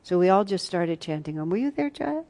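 A woman leads a spiritual retreat class, her voice low and mellow. She tells personal stories earnestly and reflectively, with soft asides to her listeners. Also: big pitch swings, fairly quick.

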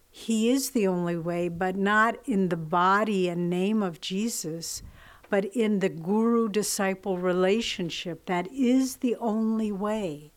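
A woman spiritual teacher giving a devotional talk, telling stories in a reflective, earnest way. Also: medium pitch. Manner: slow, reflective, earnest storytelling.

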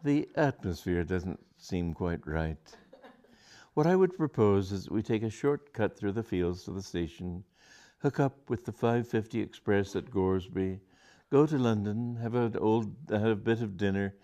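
Dry, wry young gentleman, low and calm, read by a man. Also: a little slow. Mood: breezy. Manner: understated, wry.

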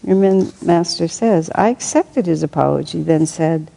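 A woman reads from a spiritual book and mixes in her own reflections, musing aloud with soft laughter. Her voice is low and creaky, her pace normal, and the audio quality is poor.

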